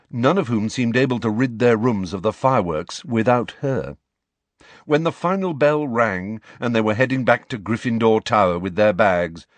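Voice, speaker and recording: A man's voice: lowish voice, no echo. A man narrating a storybook audiobook expressively and voicing every character himself. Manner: expressive, plays all characters.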